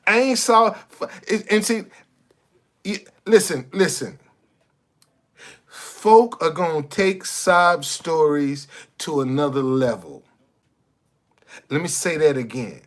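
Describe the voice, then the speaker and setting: A man's voice: high-pitched, a bit bright. A man hosting a casual livestream monologue, blunt and preachy, repeating himself and cursing. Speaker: livestream host.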